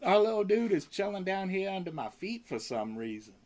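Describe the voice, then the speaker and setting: A man's voice: high voice, very animated, brisk, darkish tone. A laid-back man hosting a casual home livestream, chatting and cooing at his pet in baby talk. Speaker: livestream host. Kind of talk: casual chat.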